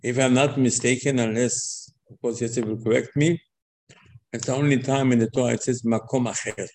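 A man gives a storytelling Torah lesson at a medium pitch. He acts out the dialogue with lively swings in his voice and repeats words for emphasis. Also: moderate pace. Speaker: religious teacher.

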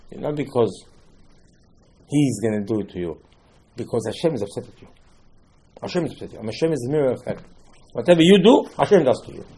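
A man delivers a sermon in slightly broken. His voice is husky. He swings from loud, emphatic lines to quiet asides. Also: medium pitch, low-quality recording. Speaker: rabbi.

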